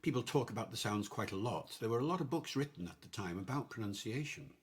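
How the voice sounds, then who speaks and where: A man's voice: mid-range voice, lively intonation, fast talker, slightly rough. An older man as a language professor guest, explaining patiently in a podcast discussion.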